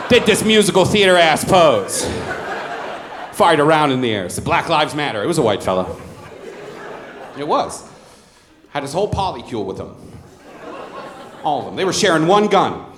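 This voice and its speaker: A man in his thirties doing stand-up on a club stage into a handheld mic, with a high voice that swings up and down a lot as he tells deadpan, crude stories. The room sounds roomy and open, with a faint murmur in the background. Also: normal speed, pauses often, background noise. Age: 30s. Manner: deadpan storytelling with crude asides. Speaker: stand-up comedian. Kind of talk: stand-up comedy set. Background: audience laughter.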